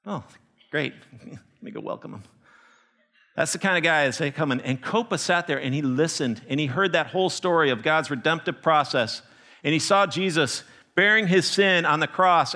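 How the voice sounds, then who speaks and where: A man preaching a sermon as a missionary, telling stories with animated emphasis and frequent restarts. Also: on the high side, normal speed. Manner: animated storytelling with restarts, rising to emphatic peaks.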